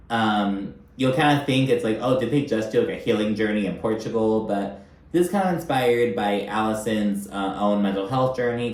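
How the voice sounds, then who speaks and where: A man's voice: lowish voice, echoey room. A man giving a casual, chatty recap of a reality show, swearing freely and acting out the cast's lines. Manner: chatty, animated, swears often, acts out quotes.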